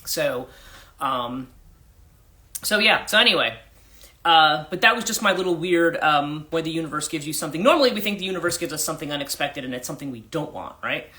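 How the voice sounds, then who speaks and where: A woman's voice: low-pitched, expressive, fairly quick, pushed and bright. A woman from the USA with a mixed central New Jersey and British accent, chatting casually as a life coach on a livestream, rambling with many restarts and fillers. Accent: mix of central New Jersey and British.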